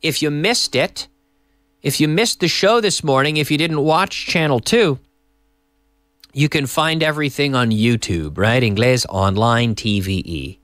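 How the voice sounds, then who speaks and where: A man's voice: medium pitch, lively intonation, measured pace, a bit bright, dry recording. A man hosting a live-stream English lesson, chatting casually and reading out viewer messages from a TV studio. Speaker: English teacher and host.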